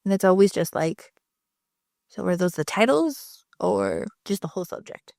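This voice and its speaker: A woman's voice: on the low side, huge pitch swings, moderate pace, vocal fry, darkish tone, no room sound, studio quality. A woman in her thirties co-hosting a podcast, chatting casually, swearing freely and acting out the lines of people she quotes. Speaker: podcast co-host. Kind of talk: casual chat.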